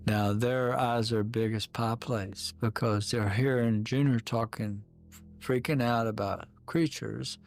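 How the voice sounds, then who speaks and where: A man's voice: mid-range voice, fairly even intonation, measured pace, gravelly, a little hiss or hum. An older man recounting a personal experience in a documentary clip, acting out the dialogue he remembers. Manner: plain storytelling, acting out quoted dialogue.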